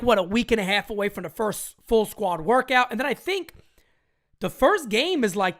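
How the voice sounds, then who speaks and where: A woman hosting a live-stream sports chat show, talking in an animated, emphatic way and greeting her chatters. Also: fairly high pitch. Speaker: sports talk show host.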